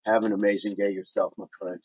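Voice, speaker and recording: A middle-aged man with a somewhat low voice hosts a casual fitness livestream outdoors. He reads viewer comments aloud and counts out his reps between chatty remarks. The recording is dull and lo-fi, with faint background noise. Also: flat delivery, quick pace, darkish tone. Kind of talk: casual livestream chat while exercising.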